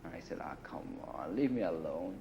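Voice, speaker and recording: Guy rambling through a war story, lots of cursing and "you know", lowish voice, dull old film audio. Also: expressive, brisk, vocal fry, background noise. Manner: rambling, profane, full of "you know" and "right". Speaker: interviewee telling war stories. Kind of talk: casual storytelling. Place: grungy apartment.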